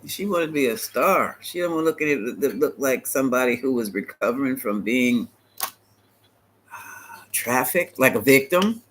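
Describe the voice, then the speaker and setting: Man from the united states, tarot reader, live-stream chat, animated, mid-pitched voice, faint background hiss. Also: normal speed, poor audio. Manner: chatty, animated, talks back to viewers, laughs often.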